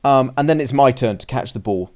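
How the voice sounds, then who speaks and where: A man's voice: mid-range voice, brisk. A man in casual chat, recounting a tabletop game turn by turn in a rambling way, often restarting and acting out what he and his opponent said. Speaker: podcast host recounting a game. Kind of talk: casual chat, play-by-play recap.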